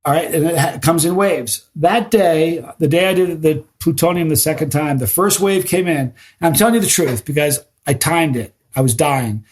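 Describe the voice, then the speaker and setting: A middle-aged man is a podcast guest chatting casually and telling animated stories, stumbling over repeated words once he gets going. His voice is a little high, at a moderate pace with hardly any pauses.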